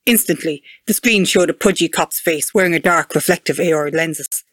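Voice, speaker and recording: A reader narrating a sci-fi story aloud in an even, measured way. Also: medium pitch, no room sound. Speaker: manuscript reader.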